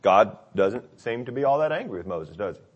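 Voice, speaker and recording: A man's voice: lowish voice, a little fast, breathy edge, lo-fi sound. Man preaching a casual sermon. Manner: conversational, animated when quoting.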